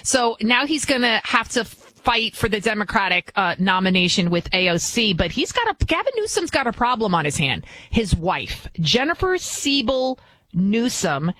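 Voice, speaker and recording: A woman's voice: a little high, big pitch swings, normal speed, fairly bright tone, dry recording. A middle-aged woman from the New York area, filling in as a talk radio host and delivering a blunt, emphatic, mocking opinion monologue.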